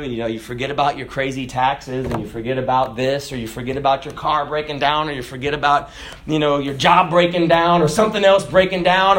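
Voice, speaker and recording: A man delivers an energetic, folksy sermon with a high voice, breaking into laughs and shouts. He was recorded on a phone in an echoey room. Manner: animated, folksy preaching with laughs and shouted lines. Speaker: preacher.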